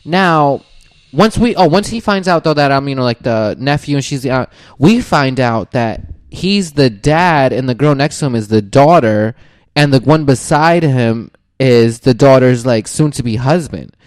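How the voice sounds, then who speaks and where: Male podcast host, casual storyteller, mid pitch, lively with quoted voices, dry close sound. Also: measured pace, dry recording. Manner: animated, acts out quoted voices, laughs often.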